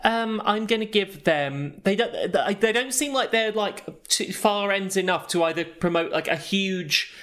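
A man's voice: high-pitched, a little slow, few pauses, fairly bright tone. A man appearing as a guest on a comedy podcast, who hesitates and searches for his words and laughs a lot. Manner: hesitant, searches for words with lots of ums and likes, laughs often.

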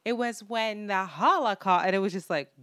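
A woman's voice: medium pitch, normal speed, no room sound, clean studio sound. A woman co-hosting a podcast in casual chat, talking bluntly with plenty of profanity and acting out what other people said. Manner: blunt, profane, animated storytelling with quoted voices. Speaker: podcast co-host.

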